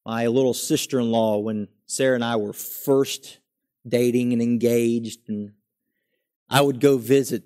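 He's a young man preaching, slightly slow, with a mid-range voice and fairly even intonation. His lines swell with earnest emphasis and then come down to a quiet, settled close.

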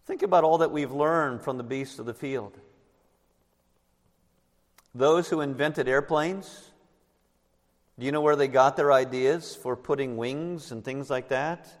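Preaching man in a reverberant church. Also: mid-range voice. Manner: emphatic preaching, slows down on key words. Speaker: pastor. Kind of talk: sermon. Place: church sanctuary. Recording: long reverb in a large church.

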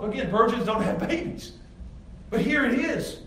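A man's voice: very high voice, animated, moderate pace, fairly bright tone. Guy pastor preaching, kinda chatty and emphatic, echoey room, faint background hum. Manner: conversational, emphatic preaching with repeated restarts. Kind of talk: sermon. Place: church sanctuary with congregation. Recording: echoey room, far from mic, faint ambience.

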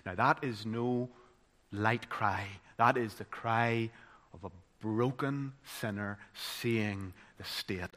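A man with a Northern Irish accent preaching a sermon, moving from loud, dramatic emphasis to hushed, solemn tones. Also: lowish voice, takes it slowly.

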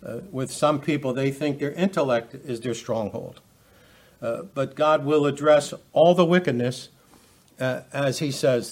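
A man preaching a verse-by-verse Bible lesson, talking in a halting way with many fillers and restarts. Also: medium pitch, darkish tone. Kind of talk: expository Bible teaching.

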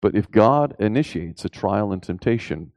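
A man preaching a sermon emphatically, asking rhetorical questions and rising in pitch on key points. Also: expressive, moderate pace, a little mellow, dry recording.

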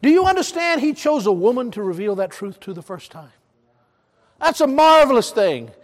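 High-voiced Southern preacher in a reverberant hall. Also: male voice, big pitch swings, normal speed. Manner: emphatic, counts points off, asks the congregation questions. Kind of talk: sermon. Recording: long reverb of a large hall.

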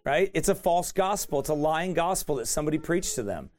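A man's voice: fairly high pitch, fairly quick. A man preaching a sermon, retelling an encounter in a colloquial, emphatic way and repeating key points. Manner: animated, colloquial, emphatic repetition.

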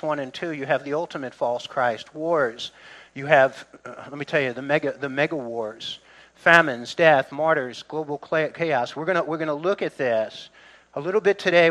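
A man's voice: on the high side, fairly bright tone. A middle-aged man preaching a sermon in a church, conversational, with restarts and asides to the congregation. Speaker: pastor.

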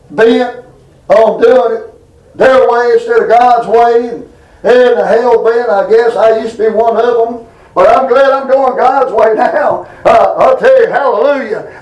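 Man, high voice, folksy preacher reading scripture with homespun asides. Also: roomy sound, rough recording. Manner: plainspoken, drawling, reads scripture aloud with asides. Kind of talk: folksy Bible sermon.

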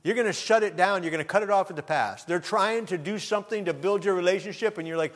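A middle-aged male pastor preaching a sermon, swinging from low, earnest talk up to loud, impassioned outbursts. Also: fast talker, hardly any pauses. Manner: preacherly, rises to loud impassioned shouts when quoting.

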